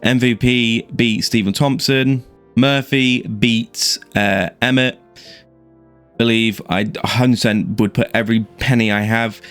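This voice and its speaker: A man's voice: mid-range voice, fairly even intonation, a little slow, fairly bright tone, soft background music. An Irishman giving casual, rambling fight predictions on his YouTube channel, with plenty of fillers and restarts. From Ireland. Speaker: MMA YouTuber.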